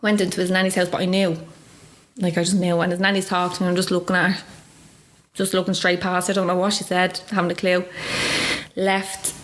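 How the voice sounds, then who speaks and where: Fast-talking Dublin Irish woman. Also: fairly low pitch, completely flat delivery. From Ireland. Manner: fast, chatty storytelling full of "like" and quoted dialogue. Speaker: guest. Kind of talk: personal storytelling in an interview.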